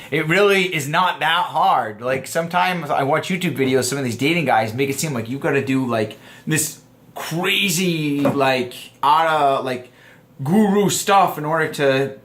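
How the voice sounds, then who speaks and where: A man's voice: on the high side, normal speed, fairly bright tone. A young man giving a casual dating lesson to camera, talking loosely and acting out both sides of example conversations. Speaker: dating coach. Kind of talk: casual instructional talk to camera.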